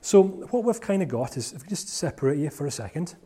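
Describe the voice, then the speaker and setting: A man leads a live seminar, playful and jokey, teasing the volunteers he calls up. His voice sits a touch high and swings widely in pitch, full of animation. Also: sing-song, a little fast, mellow. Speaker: motivational speaker. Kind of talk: live seminar talk to an audience.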